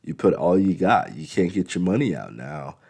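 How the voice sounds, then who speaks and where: A man's voice: sits low, sing-song, normal speed, vocal fry, a little mellow, husky. A man in a blunt, rambling, profane casual monologue for his vlog. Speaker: vlogger.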